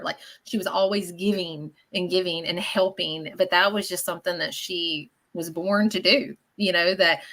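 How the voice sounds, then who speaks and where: A woman giving psychic readings on a live radio show, chatty and animated, often checking in with the listener. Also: fairly low pitch.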